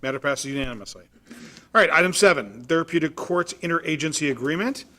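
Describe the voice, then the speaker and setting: A man serving as mayor, chairing a council meeting in a brisk, procedural way with a light touch of humor. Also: a little high, sharp tone. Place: council chamber.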